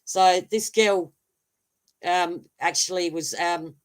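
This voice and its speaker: A woman's voice: fairly low pitch, slow pace. A woman with an Australian accent hosting a casual live chat, telling a long story with many fillers and restarts. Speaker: host.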